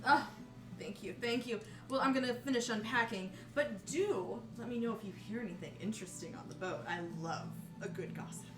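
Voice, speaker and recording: A woman voicing a lively, gossip-loving male jewelry dealer who talks in a friendly, chatty way. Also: fairly high pitch, fairly quick, echoey room, distant mic, music in the background, close to an everyday voice. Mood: upbeat.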